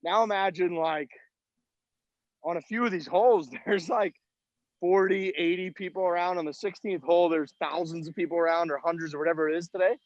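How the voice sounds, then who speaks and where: Calling in from outdoors at a golf event, a podcast co-host with a slightly high voice trades casual chat, spinning rambling, self-mocking golf stories full of swearing. His tone stays steady and his pace is brisk. The audio is dull and lo-fi, with little room echo.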